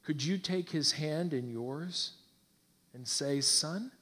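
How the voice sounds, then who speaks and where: A man preaches through a dramatic story, drawing out each phrase slowly. His voice is husky and sits a little high. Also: long reverb tail. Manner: slow, dramatic and hushed. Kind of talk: sermon storytelling.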